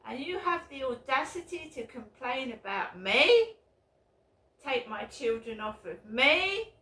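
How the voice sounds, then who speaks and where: A woman ranting angrily in a vlog, swearing and bursting into shouts. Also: high-pitched, very animated, slow. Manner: bitter, swearing, shouting outbursts. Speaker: vlogger. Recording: roomy echo, mic at a distance.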